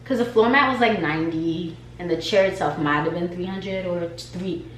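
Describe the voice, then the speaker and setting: A woman's voice: on the low side, normal speed, distant mic. A woman hair stylist vlogging in her home studio, telling a casual story and acting out the conversations. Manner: animated, acts out conversations. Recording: roomy echo, faint hum.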